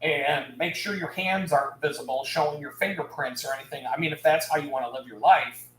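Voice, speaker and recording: A man on a live stream telling a story in a casual, animated rant, swearing and laughing. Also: fairly high pitch, fairly quick, reverberant, low-quality recording. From Houston area, United States.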